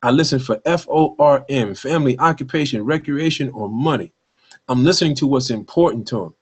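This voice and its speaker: Man, sales trainer, emphatic, repeats key points, mid-pitched voice. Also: fairly quick, breathy edge. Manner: emphatic, repeats points, asks "all right?". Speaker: network marketing trainer. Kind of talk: sales training talk on a call.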